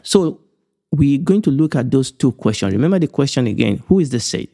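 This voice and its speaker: Emphatic man teaching the Bible, mellow voice. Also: medium pitch, expressive, creaky. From Nigeria. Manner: measured and emphatic, repeating key phrases, slowing on big points. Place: indoors, recorded for an online broadcast.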